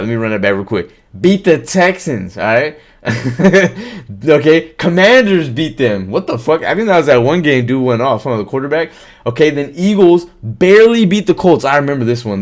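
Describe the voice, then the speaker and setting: A man hosting a live-streamed sports podcast, talking casually and animatedly, swearing freely and reacting to chat comments. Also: mid-range voice. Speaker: podcast host.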